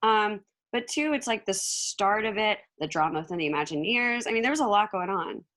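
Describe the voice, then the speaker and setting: A woman co-hosting a casual podcast chat, her voice hoarse from screaming, talking in a giggly, rambling way. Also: medium pitch, lively intonation, a little fast, fairly bright tone. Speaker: podcast co-host.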